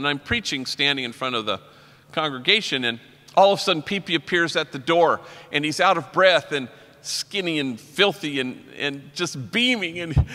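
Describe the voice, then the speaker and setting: A priest's higher-pitched voice comes across as pushed and bright as he delivers an inspirational conference talk. He drives it with stories and quotes poets as well as people he works with, and the large hall adds long reverb.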